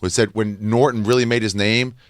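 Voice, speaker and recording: A man's voice: fairly low pitch, fairly even intonation, a little fast, no echo, studio quality. A man, a comedian guest, telling stories in casual podcast banter and acting out the voices of the people he quotes.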